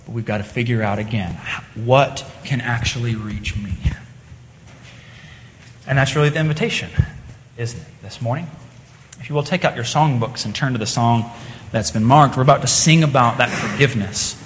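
A man's voice: medium pitch, moderate pace, pauses often, a little hiss or hum. Man preaching in an echoing church hall. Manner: earnest, conversational preaching with repeated restarts. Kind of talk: sermon. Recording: long reverb of a church hall.

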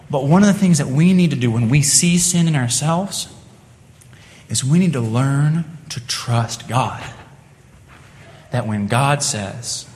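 A man's voice: medium pitch, a little hiss or hum. Earnest male preacher, conversational sermon delivery, restarts phrases, long church-hall reverb.

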